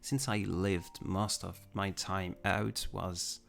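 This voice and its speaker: Hosting a livestream, a man whose first language is French reads viewer comments and answers them in casual, rambling chat, often restarting sentences. He speaks slowly in a low, gravelly voice with a fairly bright tone and fairly even intonation.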